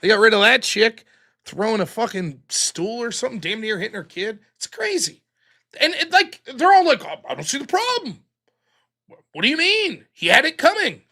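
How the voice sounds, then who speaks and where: A man's voice: very high-pitched, sing-song, normal speed, pushed and bright. A man hosting a live stream, ranting casually with plenty of profanity.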